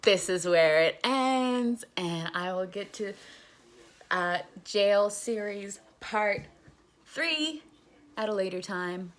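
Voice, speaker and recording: A woman's voice: medium pitch, animated, slow pace. A young woman casually telling a story on her vlog, candid and profane, retelling events with animation. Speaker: vlogger.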